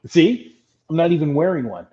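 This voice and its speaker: A man's voice: fairly high pitch, very animated, moderate pace, mellow, highs cut off. A man co-hosting a casual podcast, reading listener comments and chatting in a friendly, laughing way. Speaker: podcast co-host. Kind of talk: casual chat.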